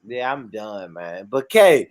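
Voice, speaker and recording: A man hosting a casual online panel chat, animated and slangy, often repeating himself. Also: mid-range voice, takes it slowly, no room sound, clean studio sound. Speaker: panel host.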